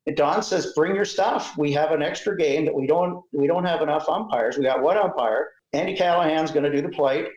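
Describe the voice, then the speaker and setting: Older Canadian man, retired umpire guest, animated storyteller with a slightly high voice, roomy, dull remote audio. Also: a little fast, few pauses. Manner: animated storyteller, laughs often, acts out voices. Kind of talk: storytelling interview.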